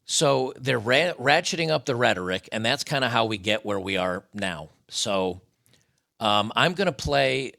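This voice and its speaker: A man's voice: medium pitch, lively intonation, measured pace, vocal fry, pushed and bright. A man hosting a live stream with casual political commentary, blunt, profane and mocking.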